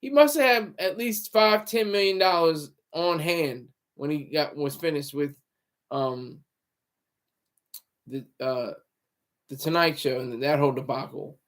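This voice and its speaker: A man's voice: a little high, unhurried. A man livestreaming casual commentary in a rambling, sarcastic way. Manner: rambling and sarcastic, with frequent restarts.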